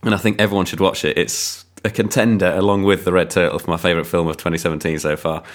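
A man's voice: low-pitched, little pitch movement, fast. A man reviewing films on a podcast in casual chat, rambling and enthusiastic with lots of ums.

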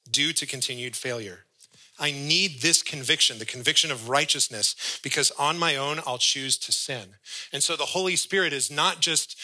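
Bright-voiced man preaching a sermon. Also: on the high side, low-quality recording. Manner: storytelling, acts out little dialogues. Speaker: pastor.

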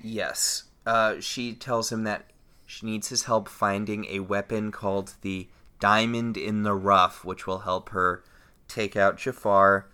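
Low-voiced American man, analytical. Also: steady tone, slow, sharp tone, clear, resonant tone. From United States. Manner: thoughtful, analytical. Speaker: podcast co-host. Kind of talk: casual chat recapping a TV episode.

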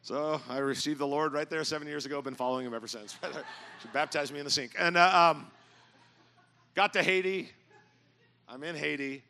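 A middle-aged man pastor telling stories in a sermon, animated and jokey, now and then breaking into loud mock yelling. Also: a little high, moderate pace, creaky, slight background noise. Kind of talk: storytelling sermon. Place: church auditorium with audience.

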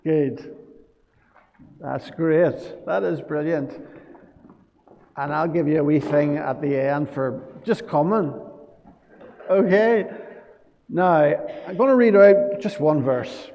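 A male pastor tells a children's story during a church service and keeps asking the little ones questions. His voice sits fairly high, with a gravelly, mellow tone. The sound is slightly dull and carries a long church-hall echo. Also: takes it slowly, long pauses. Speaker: pastor giving a children's talk.

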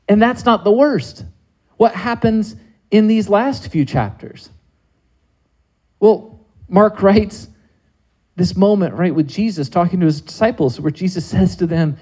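A man's voice: fairly high pitch, warm tone, low-quality recording. A man preaching a sermon in a conversational way, with many rhetorical questions to his listeners.

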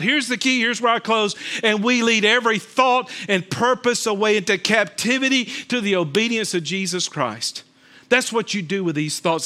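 Delivering a sermon full of stories, this middle-aged male pastor shifts from loud outbursts to quiet calm, his voice high-pitched throughout.

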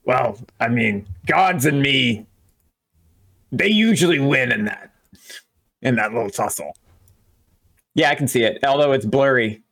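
A man's voice: mid-range voice, lively intonation, unhurried, vocal fry, long pauses, fairly bright tone. A man chatting casually as a player in a tabletop game, laid-back and joking.

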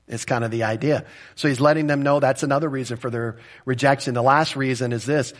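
A man's voice: medium pitch, fairly even intonation, quick pace. A man preaching an expository sermon as a pastor, talking in a conversational and direct way and often checking in with the listeners.

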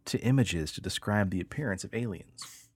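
Brief: low-pitched male podcast host, animated storyteller, dry sound. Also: moderate pace, slightly rough, no room sound. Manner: animated storyteller, rises in pitch on key points. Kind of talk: casual podcast chat.

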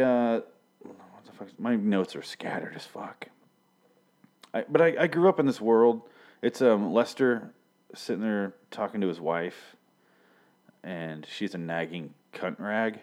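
A man from Michigan whose voice sits on the low side and sounds a little mellow rambles through a TV show review. Swearing frequently and filling gaps with filler, he often stops to correct himself.

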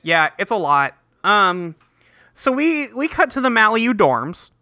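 A man's voice: sits high, big pitch swings, measured pace, bright, forceful tone, dry recording, clean studio sound. A man hosting a casual podcast, recapping a cartoon episode in a laid-back way with lots of fillers. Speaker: podcast host.

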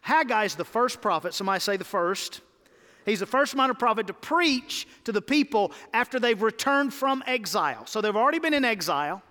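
A man preaching a sermon as pastor, leading his congregation in call-and-response and swinging between emphatic peaks and quiet low lines. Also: lively intonation, fairly quick, big-room sound. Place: church sanctuary.

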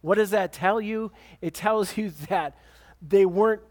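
Delivering his sermon at an unhurried pace, this pastor reads from scripture and hammers his points with repeated words and abrupt pitch changes. His voice is a little mellow.

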